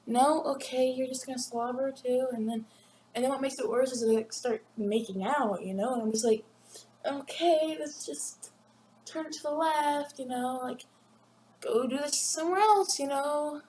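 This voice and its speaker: Teen girl vlogger, slow rambling chat, high-ish voice, room echo and faint background hum. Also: a little mellow. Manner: rambling, giggly, acts out classmates in quick voices. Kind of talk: casual chat to camera. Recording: echoey room with faint ambience.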